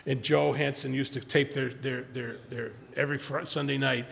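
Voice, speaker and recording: A man telling his recovery story to a large audience, rambling with many restarts, speaking quietly and rising when he urges the crowd. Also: mid-range voice, flat delivery, moderate pace, slight background noise. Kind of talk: personal testimony talk. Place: large hall before an audience. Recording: long hall reverb, gravelly.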